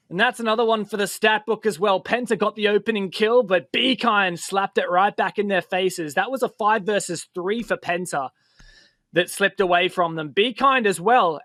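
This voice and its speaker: A man giving fast play-by-play esports commentary, excitable and bantering with his co-caster. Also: high-pitched, dry recording, studio quality.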